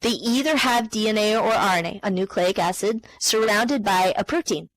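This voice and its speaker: A woman giving an online science lesson in a relaxed, conversational way. She fills gaps with ums, catches and corrects herself mid-sentence, and keeps talking straight to her students. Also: medium pitch, normal speed, dry recording, poor audio. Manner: chatty, many ums and self-corrections. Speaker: science teacher. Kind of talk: live online lecture.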